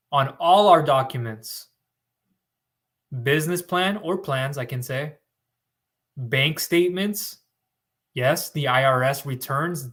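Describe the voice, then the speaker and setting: A man's voice: medium pitch, fairly bright tone. A man hosting a casual live stream, talking in a rambling, emphatic way and reading viewer comments aloud. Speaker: host. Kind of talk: casual livestream talk to viewers.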